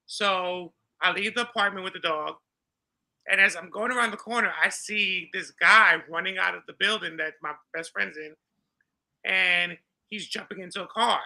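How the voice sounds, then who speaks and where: Middle-aged male guest, gravelly and very bright-toned, telling stories with lots of animation. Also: sits high, moderate pace. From New York. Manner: animated, acts out dialogue with laughter. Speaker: podcast guest. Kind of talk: storytelling in an interview.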